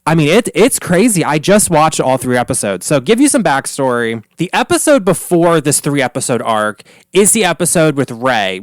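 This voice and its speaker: A man hosting a solo comedy podcast, recapping gossip in an animated, profane way and laughing often. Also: mid-range voice, smooth, dry recording. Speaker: podcast host.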